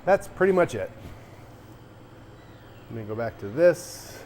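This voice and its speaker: With a medium-pitched, sing-song, slightly mellow voice, an arcade owner speaks at a measured pace on a livestream. He rambles casually from inside his arcade café, thinking aloud with restarts, and a little hiss or hum sits underneath.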